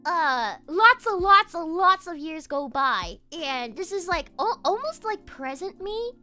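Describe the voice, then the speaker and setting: A woman's voice: very high-pitched, sing-song, a little slow, pushed and bright, soft background music. A young woman streamer telling a casual story while drawing, giggling often and restarting her phrases. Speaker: virtual streamer.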